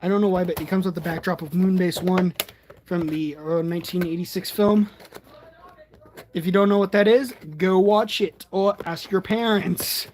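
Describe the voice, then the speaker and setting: An eighteen-year-old man chatting casually from his bed during a livestream unboxing, rambling and excitable, and often poking fun at himself. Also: high voice, slight background noise. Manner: excitable, rambling, self-deprecating. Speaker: toy reviewer streaming.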